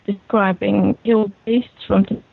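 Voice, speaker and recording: A woman's voice: medium pitch, flat delivery, measured pace, gravelly, no room sound, narrow, tinny audio. A woman guest tells a story in a playful, cheeky way. Her voice comes through a thin call line that sounds like a phone. It is close and dry. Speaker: podcast guest. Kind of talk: casual podcast chat, recounting a story. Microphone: online voice call.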